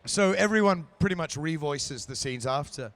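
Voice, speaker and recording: Smooth-voiced man telling stories on stage. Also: on the high side, expressive, normal speed, fairly bright tone. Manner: chatty anecdotal storyteller, putting on silly voices. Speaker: guest actor. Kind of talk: casual stage interview. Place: live event stage.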